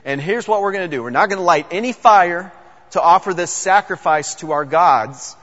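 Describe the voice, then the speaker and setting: A man's voice: sits high, moderate pace, a bit bright, pitched above the performer's own voice. A man voicing the prophet Elijah as a confident adult man, in casual modern phrasing with repeated words, recorded dull in a long-reverb hall. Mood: assured.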